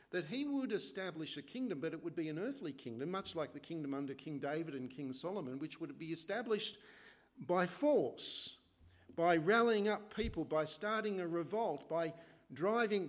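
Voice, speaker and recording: A man preaching an expository sermon in a conversational way, often asking his listeners rhetorical questions. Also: a little high. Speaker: pastor.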